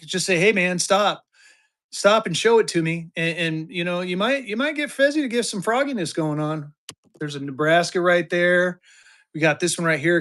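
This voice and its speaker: A man in his fifties, from Colorado, hosting a live-stream auction and chatting excitedly with his viewers, cursing now and then. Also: a little high. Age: 50s. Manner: excitable, chatty, mild cursing, hypes items to chat. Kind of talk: casual live-stream selling.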